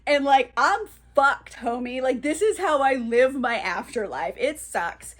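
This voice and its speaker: A woman's voice: sits high, expressive, unhurried. Lady doing a fed-up old ghost dude, swears a lot, talks like a bro. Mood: blunt. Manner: slangy, swearing, blunt. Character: dead old man's ghost, blunt and fed up.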